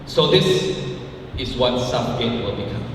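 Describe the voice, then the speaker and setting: A man's voice: mid-range voice, expressive, unhurried, a little hiss or hum. A man preaching a sermon as pastor, emphatic, often repeating key phrases, in a church sanctuary. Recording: echoey hall, mic far off.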